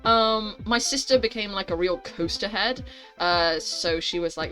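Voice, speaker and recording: A woman's voice: mid-range voice, expressive, a little fast, bright, forceful tone, faint music behind, low-quality recording. A young woman hosting a gaming channel, reading a story game aloud with chatty, rambling, giggly asides.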